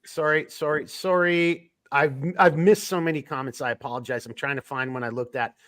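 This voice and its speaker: Rambling male podcast host, higher voice. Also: steady tone, fairly quick, a bit bright, slight background noise. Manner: rambling, restarts often while reading the chat. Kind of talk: casual live-stream chat.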